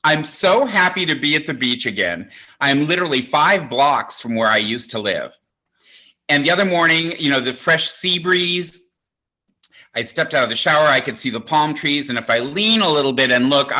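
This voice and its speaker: A man's voice: fairly high pitch, bright, forceful tone, low-quality recording. A man in his sixties doing stand-up comedy, telling campy, self-mocking stories. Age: 60s.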